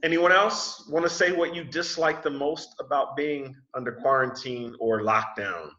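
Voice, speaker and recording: A man's voice: medium pitch, normal speed, pushed and bright. A man leading an English class over a video call, friendly and chatty, often repeating and restarting words. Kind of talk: casual class discussion. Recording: muffled video call in an echoey room.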